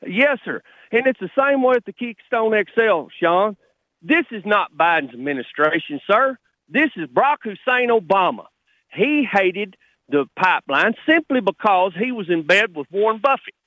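A man's voice: high voice, very animated, moderate pace, no echo, phone-quality sound. A middle-aged man from Texas, calling in to a radio show and talking heatedly and bluntly like a working man. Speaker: caller. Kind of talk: call-in radio.

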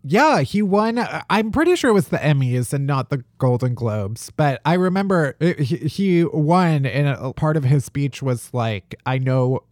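Lively, joking young man co-host. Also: on the high side, measured pace, hardly any pauses, no echo, clean studio sound. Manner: animated, joking, mocks old film voices. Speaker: podcast co-host. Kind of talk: casual chat.

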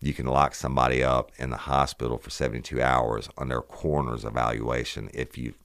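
Gravelly, deep-voiced man telling stories. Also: fairly quick, no room sound, clean studio sound. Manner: profane, rambling, animated retelling of a police call. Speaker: podcast host. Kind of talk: casual storytelling.

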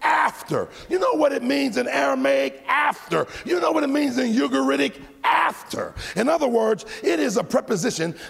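A pastor preaching a sermon to his church, moving from loud shouted lines to quiet aside remarks. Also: extremely high pitch, a little fast, creaky, hardly any pauses, big-room sound.

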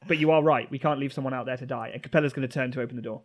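A man's voice: mid-range voice, rapid-fire. A man playing his character in a tabletop game, speaking earnestly in character. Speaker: player.

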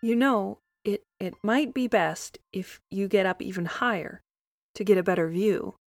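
A woman doing a calm, wise raven. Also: mid-range voice, measured pace, no room sound, clean studio sound, faint music behind, close to an everyday voice. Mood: calm advising. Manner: calm, fussy. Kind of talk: storybook voice acting.

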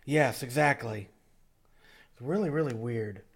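A man's voice: medium pitch, measured pace. A man hosting a casual podcast chat, rambling through a recap with laughs and restarts. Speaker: podcast host recapping wrestling.

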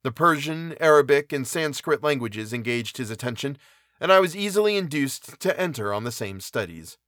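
A man reading a classic novel aloud in a measured, even narration. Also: mid-range voice, no echo, studio quality. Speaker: audiobook reader.

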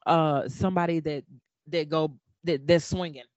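A woman's voice: sits low, fairly even intonation, normal speed, darkish tone, no echo. A woman co-hosting a casual chat, talking emphatically and often checking in with "right?" as she makes her points. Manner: emphatic, conversational, checks in with listener. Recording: dull lo-fi dry sound.

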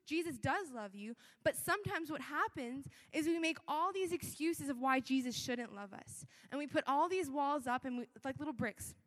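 High-voiced young woman preaching in an echoing hall. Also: animated, normal speed, few pauses, fairly bright tone. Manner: conversational, earnest, with many fillers. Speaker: church speaker. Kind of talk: sermon. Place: church hall. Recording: long echo of a large hall.

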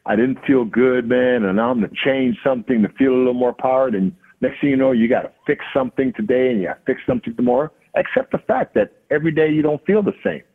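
A man, a hitting coach and podcast guest, telling a lively story and acting out the dialogue. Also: medium pitch, fast, hardly any pauses. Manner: acts out quoted dialogue. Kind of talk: animated storytelling. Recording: tinny phone-like line.

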